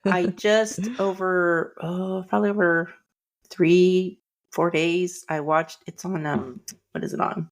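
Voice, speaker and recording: A woman's voice: on the low side, steady tone, slow. A woman co-hosting a horror podcast, talking casually and laughing between remarks. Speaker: podcast co-host. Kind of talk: casual chat.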